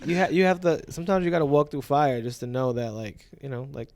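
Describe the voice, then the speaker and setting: Relaxed New man in his forties. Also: mid-range voice, fast, slight background noise. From Brooklyn, New York. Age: 40s. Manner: relaxed, reflective storyteller with many "like" fillers. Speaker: teacher, podcast guest. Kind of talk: casual conversational interview.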